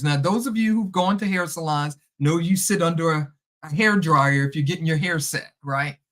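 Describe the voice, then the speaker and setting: A middle-aged woman hosting a podcast, telling a personal story in a casual, animated way and acting out past conversations. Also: low-pitched, moderate pace. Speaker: podcast host.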